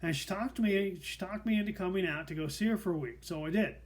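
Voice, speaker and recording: A man's voice: sits high, fast talker. A middle-aged man hosting a show, telling a personal story in a dry, wry, self-deprecating way. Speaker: host.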